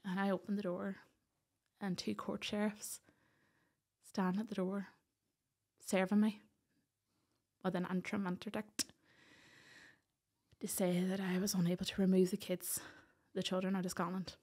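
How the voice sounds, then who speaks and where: A Northern Irish woman in her thirties, guesting on a podcast, tells a personal story with lots of animation and acts out the voices of the people involved. Her voice sits in the mid range, and she speaks at a moderate pace with long pauses.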